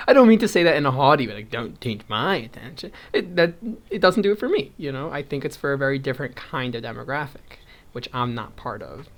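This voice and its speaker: A young male vlogger's creaky, medium-pitched voice carries his casual crochet chat. He thinks aloud as he counts stitches, strays into tangents and chuckles frequently.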